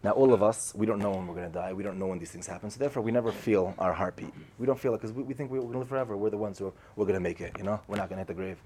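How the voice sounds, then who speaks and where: A man's voice: fairly low pitch, racing, hardly any pauses, warm tone, a little hiss or hum. A man giving a casual storytelling sermon, recounting a parable in a conversational way and repeating his phrases. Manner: conversational, repeats phrases, acts out quoted voices. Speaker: speaker telling a Torah parable.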